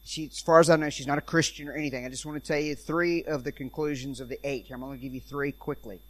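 A man preaching in a church, telling animated stories and acting out the people in them. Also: medium pitch, fast. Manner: animated storyteller, acts out quoted voices. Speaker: traveling preacher and speaker on parenting.

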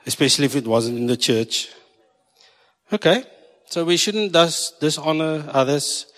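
A man preaches in a church hall with long reverb, his voice on the high side, a bit bright, lively in intonation, and a little slow. He's a South African pastor who jokes with the congregation and slips between South African English and Afrikaans.

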